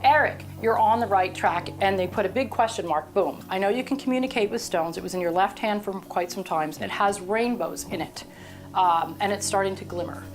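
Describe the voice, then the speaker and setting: A woman, a psychic guest, telling stories in a lively, chatty way. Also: brisk, soft background music. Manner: animated, storytelling, exclaims in high bursts. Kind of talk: casual interview talk.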